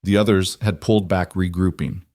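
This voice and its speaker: Man, scripted story narration, low voice, dry sound, even and steady. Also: moderate pace, dry recording.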